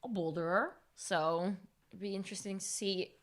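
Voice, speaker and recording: A woman co-hosting a livestream, chatting excitably and playfully during casual watch-along commentary. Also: mid-range voice, moderate pace. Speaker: co-host of a livestream.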